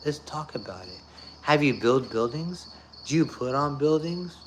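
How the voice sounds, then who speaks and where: A man with a voice pitched a bit high rants to camera in a loose, unscripted monologue. He is blunt and profane and hammers the same phrases again and again. Faint crickets chirp behind him. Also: lively intonation, a little slow, slight background noise. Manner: blunt, profane, repetitive ranting. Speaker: YouTuber. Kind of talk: off-the-cuff monologue.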